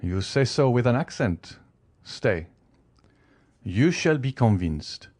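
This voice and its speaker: A man's voice: medium pitch, very animated, takes it slowly, darkish tone. A man voicing a proud, greedy middle-aged banker who talks boastfully. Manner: boastful, then flustered and stammering.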